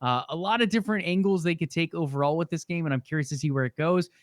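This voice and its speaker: Man, gaming podcast co-host, steady informative rundown, slightly high voice, dry sound. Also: fast, no room sound. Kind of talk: casual chat.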